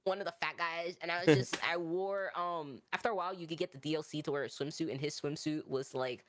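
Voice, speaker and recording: A woman's voice: low voice, fast talker, slight background noise. A woman guest streamer chatting casually in an interview, rambling and giggly with lots of likes and ums.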